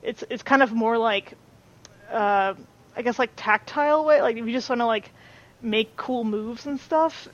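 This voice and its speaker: A woman's voice: fairly high pitch, unhurried, highs cut off. A woman chatting as a podcast guest, talking loosely with many fillers and restarts. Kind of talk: casual chat.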